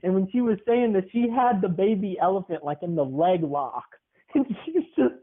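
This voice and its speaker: A man's voice: high-pitched, lively intonation, moderate pace, a little hiss or hum. A man co-hosting a podcast who tells a comic story in a rambling way and laughs often. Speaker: podcast co-host. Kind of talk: comedic storytelling. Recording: tinny phone-like sound.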